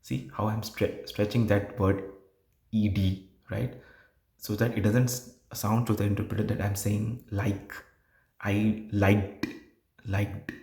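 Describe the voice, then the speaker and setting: Low, flat-voiced man tutoring in an echoey room. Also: gravelly. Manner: explains slowly with many fillers and restarts. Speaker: test prep tutor. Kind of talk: casual tutorial talk.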